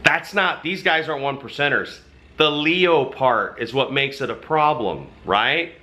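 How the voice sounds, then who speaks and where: A man's voice: mid-range voice, unhurried, sharp tone. A man who hosts a channel and belongs to a motorcycle club, telling a story to camera in casual, emphatic talk with some mild swearing.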